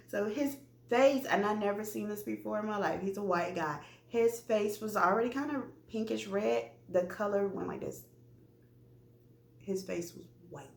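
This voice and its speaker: Woman vlogger, candid and chatty story to her viewers, mid-pitched voice, roomy echo. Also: normal speed, gravelly. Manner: animated, chatty, addresses viewers directly.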